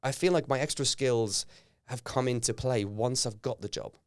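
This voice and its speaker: A young adult Norwegian man, a native Norwegian speaker, appears as a guest actor in a casual podcast interview. He's an animated storyteller who acts out quotes, speaking in a mid-range voice at a moderate pace, with clean, echo-free studio sound.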